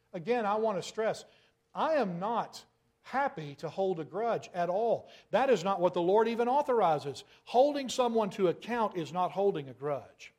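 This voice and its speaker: A man's voice: high voice, a little mellow. A man preaching a sermon, firing off rhetorical questions and pushing hard on key words. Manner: rhetorical questions, emphatic rises in volume.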